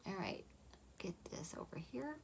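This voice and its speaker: Soft-spoken, gravelly woman doing makeup. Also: mid-range voice, sing-song, a little slow. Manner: soft-spoken, often half-whispering, chatty. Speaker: makeup vlogger. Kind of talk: makeup tutorial narration.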